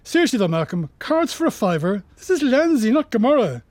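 An actor playing a jolly, gossiping Scottish bishop who rambles and laughs at others. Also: male voice, very high-pitched, big pitch swings, a little fast, a little mellow, dry recording. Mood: gossipy.

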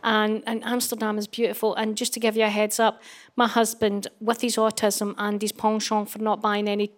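A woman's voice: medium pitch, normal speed. A middle-aged Scottish woman doing stand-up comedy, telling a story and acting out the voices of the people in it. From Scotland. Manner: animated, acts out voices, laughs through punchlines.

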